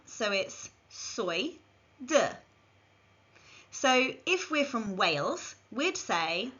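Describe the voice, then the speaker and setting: A woman's voice: medium pitch, sharp tone. A woman giving a scripted language lesson, carefully modelling phrases for learners to repeat. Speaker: language teacher. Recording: dull lo-fi recording.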